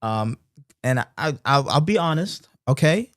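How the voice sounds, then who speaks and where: Animated man telling a story. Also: a little high, unhurried, no echo, studio quality. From Baltimore. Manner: animated storyteller, loose slang, many restarts. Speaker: host of a Bible reading stream. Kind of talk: casual storytelling chat. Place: apartment in Japan.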